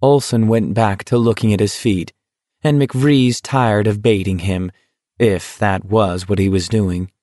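A man reading an audiobook in a steady, measured way. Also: on the low side, no echo, studio quality. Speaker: audiobook narrator. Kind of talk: audiobook narration.

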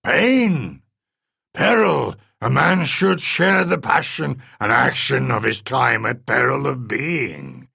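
A man voicing a man-sized alien beast that speaks in broken, halting phrases. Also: medium pitch, sing-song, creaky, sharp tone, husky, dry recording, clean studio sound, pitched above the performer's own voice, full character voice.

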